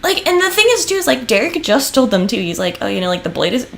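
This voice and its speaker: A young woman co-hosts a TV recap podcast with a lively, swinging pitch. She sounds exasperated and mimics the characters in mock voices. A faint room hum sits behind her. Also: fast, gravelly. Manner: animated, exasperated, acts out lines in mock voices. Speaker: podcast co-host. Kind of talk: casual recap chat.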